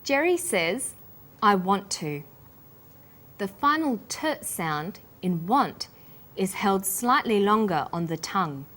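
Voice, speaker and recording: A woman with an Australian accent hosting a scripted English pronunciation lesson, speaking slowly and articulating each word clearly. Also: medium pitch, lively intonation, fairly bright tone. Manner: slow, deliberate, clearly articulated. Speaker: English teacher and host.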